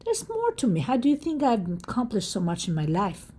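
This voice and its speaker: A woman's voice: a little high, huge pitch swings, a little fast, mellow, slight background noise, pitched above the performer's own voice. A woman voicing a proud, indignant woman who scolds someone for doubting her, as part of a tarot reading. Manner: indignant, accusing.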